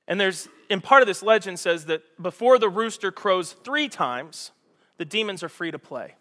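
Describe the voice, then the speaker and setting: A man preaching a sermon to a congregation, animated and storytelling, acting out scenes with raised voices. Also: high voice, normal speed. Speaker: pastor. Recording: echoey hall.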